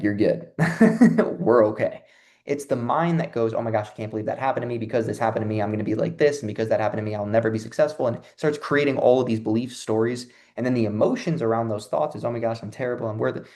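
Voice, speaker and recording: A man's voice: medium pitch, darkish tone. A young man giving a casual motivational talk, chatty and conversational, often acting out quoted inner voices. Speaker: self-help speaker.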